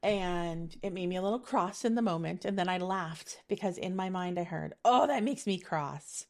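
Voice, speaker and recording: Middle-aged woman, low voice, chatty spiritual reader, rambling with fillers. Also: steady tone, normal speed, a little mellow. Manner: chatty and meandering, many fillers, laughs easily. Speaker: spiritual reader giving a monthly energy reading. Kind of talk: casual intuitive reading.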